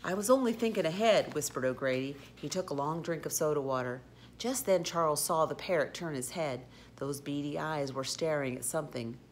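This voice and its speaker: A woman reading a children's storybook aloud, expressive with occasional slips and restarts. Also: low voice, normal speed, slight background noise. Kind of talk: storybook read-aloud narration.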